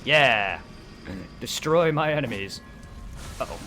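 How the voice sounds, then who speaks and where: A young man streaming a game, chatting casually in a rambling, excitable way and swearing a lot. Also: mid-range voice, fairly quick, slight background noise. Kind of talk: casual gameplay commentary.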